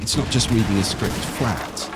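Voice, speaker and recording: An older man with a husky voice, explaining speaking technique in a lively, expressive conversational way. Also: fairly low pitch, moderate pace, heavy background noise. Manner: animated, expressive intonation. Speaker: voice coach guest.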